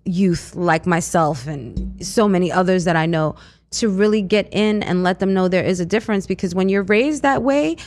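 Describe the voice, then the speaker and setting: A woman's voice: on the low side, moderate pace, darkish tone. Outspoken woman co-hosting a radio talk show. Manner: outspoken, emphatic, with street slang. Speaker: radio co-host and youth worker. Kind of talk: casual chat. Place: radio studio.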